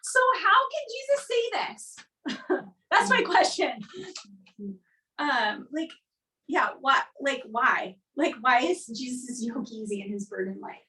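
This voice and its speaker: A woman's voice: a little high, animated, slow, pushed and bright. A woman leading a casual church discussion, talking animatedly with many fillers and laughs. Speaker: discussion leader. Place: live church gathering in a room. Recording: echoey room from a distance.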